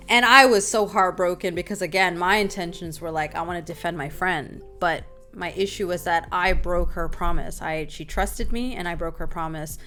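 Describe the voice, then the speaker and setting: A young woman hosts a casual discussion and tells a personal story in a lively, animated way, often calling her listeners "y'all". Her voice sits a little low for a woman. Soft music plays faintly behind her. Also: normal speed. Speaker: talk show host.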